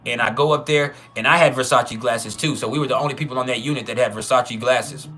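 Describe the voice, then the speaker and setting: A man's voice: medium pitch, steady tone, fast talker, sharp tone, soft background music. A man casually telling a personal story, profane and chuckling, with many trailing restarts. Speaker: channel host.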